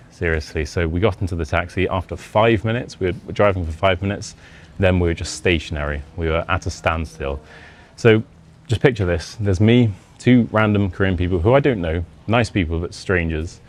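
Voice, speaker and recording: A man's voice: low voice, normal speed, slight background noise. A young British man with a Modern RP accent, an English teacher casually telling a self-deprecating personal anecdote. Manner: chatty, self-deprecating, acts out quoted dialogue.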